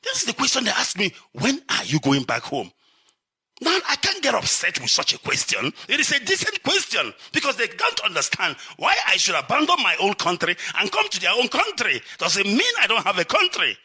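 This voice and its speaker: Fiery Nigerian man, husky and bright. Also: huge pitch swings, fairly quick, hardly any pauses, no echo. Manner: fiery, swinging from shouts to low urgent warnings. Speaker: activist speaker. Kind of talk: impassioned live address.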